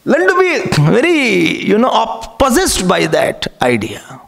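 A man's voice: high-pitched, huge pitch swings, takes it slowly, gravelly, a bit bright. A man giving a spiritual discourse, asking rhetorical questions and chuckling often. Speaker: spiritual teacher.

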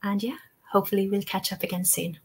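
A woman's voice: medium pitch, flat delivery, fast talker, slightly rough. A woman hosting a live webinar Q&A and training English teachers. She talks in an encouraging, chatty way and often says "okay" and "you know".

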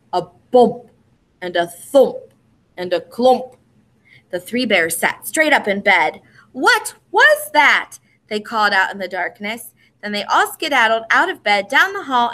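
A woman reading a picture book aloud to children in a lively, expressive way, inviting them to repeat the words. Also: medium pitch. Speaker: storyteller.

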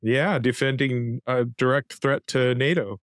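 A man's voice: mid-range voice, fairly even intonation, measured pace, no room sound, studio quality. A man hosting a casual talk show, presenting items and pushing back with pointed questions. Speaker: host.

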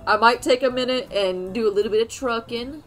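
A woman's voice: fairly high pitch, a little fast, soft background music. A young woman streaming a game, giggly, flustered and playful as she comments on her play. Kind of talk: casual gameplay commentary.

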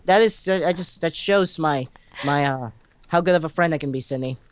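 A man's voice: fairly high pitch, a little fast, clear, resonant tone, no room sound. A young man co-hosting a casual game let's-play, rambling goofily with melodramatic outbursts. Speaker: gaming channel co-host.

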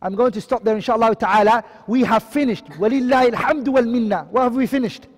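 In a large hall, a high-voiced male tajweed teacher gives an online lesson by quizzing, asking questions and answering them himself. He recites Arabic terms quickly, then explains them in English.

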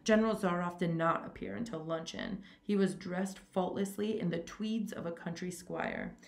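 Woman reading a story aloud, low pitch, gravelly, steady, plain, small stumbles. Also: normal speed. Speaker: reader.

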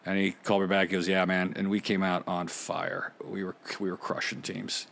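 A middle-aged man, a podcast guest, telling lively stories in casual talk, laughing often and acting out other people's lines. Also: deep voice, brisk, gravelly, slight background noise. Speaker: podcast guest, former pro beach volleyball player. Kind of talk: casual storytelling.

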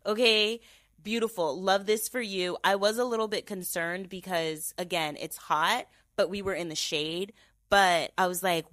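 A young woman hosting a podcast, telling a story in casual chat with lots of fillers and animated replays of her own thoughts. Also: on the low side, normal speed, no echo. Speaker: podcast host.

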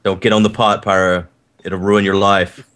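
A man's voice: deep voice, level tone, moderate pace, fairly bright tone. A man teasing friends with dry jokes during casual gaming banter.

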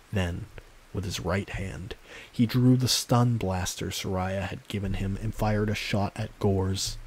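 A man narrating a fan story in a calm, steady storytelling manner. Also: fairly low pitch, breathy edge. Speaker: audiobook narrator.

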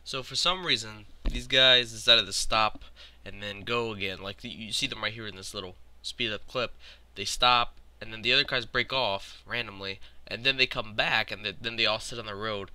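A man hosting a gameplay video, narrating casually and making quick, swearing callouts to his team. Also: fairly low pitch, fairly even intonation, pushed and bright, dry recording. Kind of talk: gameplay commentary and team voice chat.

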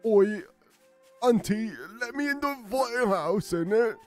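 A man putting on a crude, loud caricature of a British bloke, swearing and full of slang. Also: mid-range voice, expressive, moderate pace, faint music behind, natural voice. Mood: brash.

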